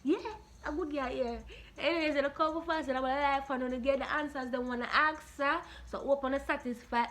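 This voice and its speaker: A Jamaican woman YouTuber answering viewer questions in a blunt, animated, Patois-laced way. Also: high-pitched, a little fast. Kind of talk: casual Q&A vlog.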